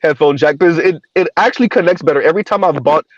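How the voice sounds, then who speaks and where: Man, stream host, rambling casual talk, higher voice, dull lo-fi audio. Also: no room sound. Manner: rambling, repeats himself, quick asides. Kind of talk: casual chat on a live stream.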